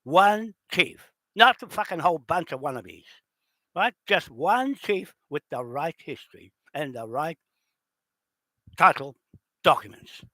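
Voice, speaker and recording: A man delivers a furious, cursing rant, hammering his listeners with rhetorical questions. His voice sits a little higher than most men's. The recording is dry and close, with no room sound. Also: big pitch swings, measured pace, bright, forceful tone, no room sound. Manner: confrontational, heavily profane, rhetorical questions. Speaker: indigenous land claimant. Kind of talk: angry direct-to-camera rant.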